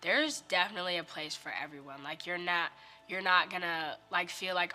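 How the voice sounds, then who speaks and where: A woman's voice: on the low side, normal speed, bright, forceful tone, faint music behind. A teenage girl student talking casually in an interview, with many fillers. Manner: casual, lots of "like".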